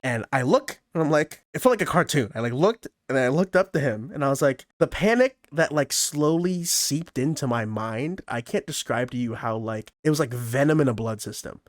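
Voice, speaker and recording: Man, podcast co-host, lively storyteller, swears freely, mid-pitched, dry close sound. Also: moderate pace, hardly any pauses, no echo. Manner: animated, expressive storyteller with frequent swearing and laughter. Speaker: podcast co-host, camp director. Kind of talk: casual storytelling chat.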